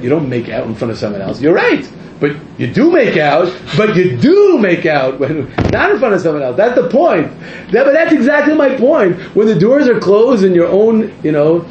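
Man, rabbi's sermon, high voice, rambling, echoey room. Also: a little hiss or hum. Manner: animated, rambling, self-interrupting, rising to near-shouts. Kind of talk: sermon to a live audience. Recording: echoey room, muffled sound.

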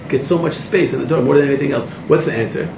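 A man, a rabbi, giving an animated, rambling sermon to a live audience, interrupting himself and rising to near-shouts. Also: medium pitch, racing, gravelly, noisy background. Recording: echoey room, muffled sound.

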